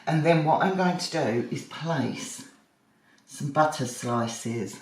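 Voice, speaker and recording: Home cooking demo, chatty, self-deprecating, slow-paced, echoey kitchen. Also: mid-range voice. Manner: chatty and self-deprecating, thinking aloud with ums. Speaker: home baking presenter. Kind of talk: casual cooking demonstration. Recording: roomy kitchen, mic at a distance.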